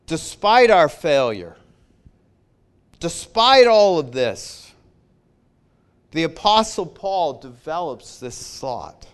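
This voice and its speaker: A man preaching a sermon, slow and emphatic, repeating his key phrases. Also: on the high side, very animated, clean tone.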